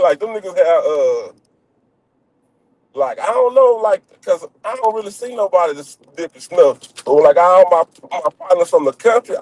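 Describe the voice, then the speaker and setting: A man's voice: high-pitched, a little mellow, no room sound, poor audio. A young man, chatting and joking loosely, full of slang and fillers. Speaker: streamer. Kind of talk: casual storytelling chat.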